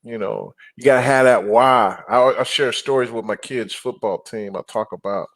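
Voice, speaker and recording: A middle-aged man speaks as a guest in a casual interview, at an ordinary middle pitch and normal speed. An apartment investor, he's an animated storyteller who acts out quotes and growls to drive home a point.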